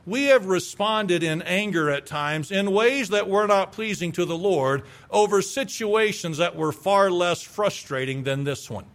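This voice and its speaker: A man's voice: sits high, lively intonation, unhurried, hardly any pauses, a bit bright. A man preaching a sermon, reading scripture aloud and asking his congregation rhetorical questions. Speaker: pastor.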